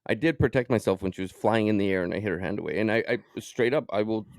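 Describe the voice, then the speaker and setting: A man with a low, gravelly voice tells a personal story in a loose podcast chat. He is animated and profane, jumping into quoted lines as he goes. The room sounds close and dry. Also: fast talker, dry recording. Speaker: podcast co-host.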